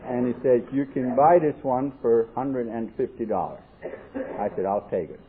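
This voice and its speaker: A man speaks at a convention and tells his own story in a folksy, joking way, acting out both sides of each conversation. His voice sits at an ordinary pitch for a man. It comes through a thin, phone-like 1979 tape with a faint hiss underneath. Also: moderate pace. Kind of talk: storytelling recovery talk. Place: convention hall.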